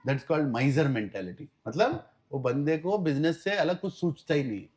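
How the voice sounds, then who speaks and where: A man with an Indian English accent teaching a spiritual class through stories. His voice sits somewhat high, and he talks with animation, sliding between Hindi and English. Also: expressive, racing, few pauses, a little mellow. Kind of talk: storytelling class talk.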